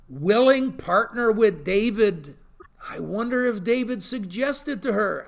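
A pastor leads an informal Bible study, his voice rising and falling with lively swings as he teaches. He is a man with a slightly high voice who keeps checking in with his listeners through quick rhetorical questions. His manner is animated and conversational. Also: vocal fry. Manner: animated, peppers talk with rhetorical questions and "okay?".

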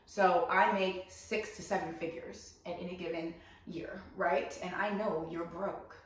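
A woman's voice: fairly low pitch, steady tone, a little slow, a little hiss or hum. A woman hosting a casual advice talk, blunt, outspoken and profane. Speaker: host giving life advice. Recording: very echoey room, voice far from mic.

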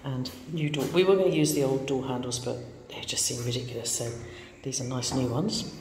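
A woman's voice: extremely low pitch, fairly even intonation, a little fast, darkish tone. A woman vlogging her bungalow renovation in a casual, wry, self-deprecating way, sounding a little tired. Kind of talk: casual home renovation vlog. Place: empty bungalow under renovation, indoors. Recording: echoey bare rooms with hall reverb and background noise.

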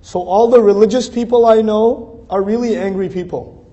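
A man's voice: sits high, steady tone, moderate pace, mellow, highs cut off. Earnest man giving a conversational lecture. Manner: earnest, builds up emphatic repeated lists. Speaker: speaker giving an Islamic talk.

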